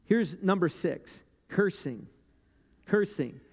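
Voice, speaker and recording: A man preaching a sermon in a loose, conversational way, often checking in with "right?" and climbing in pitch and volume as he gets worked up. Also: lively intonation, takes it slowly, darkish tone, slightly rough. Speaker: pastor. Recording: long hall reverb with guitar playing underneath.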